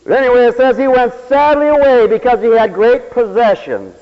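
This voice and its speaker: A man preaching a sermon, swinging between loud exclamations and low asides and acting out the voices of the people he quotes. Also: lively intonation, brisk, hardly any pauses, smooth. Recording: dull, lo-fi radio broadcast with hall reverb.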